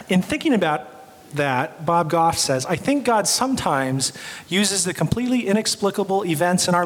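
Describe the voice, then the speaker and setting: A young adult man giving a sermon as a pastor, telling stories and acting out the quoted voices. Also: high voice. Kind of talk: sermon storytelling. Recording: long hall reverb.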